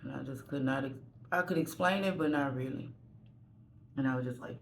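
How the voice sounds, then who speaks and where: Woman with a creaky voice telling a story. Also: rumbling low, brisk, pauses often, a little hiss or hum. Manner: candid, rambling, self-deprecating. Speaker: vlogger. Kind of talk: casual storytime while getting ready. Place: at home.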